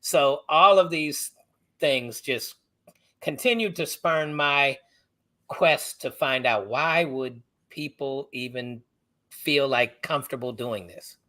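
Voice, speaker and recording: A middle-aged man, an author from the United States, guest on a podcast, telling personal stories in an animated, halting way. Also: medium pitch. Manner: animated, halting, acts out others' voices. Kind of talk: personal storytelling in a podcast interview.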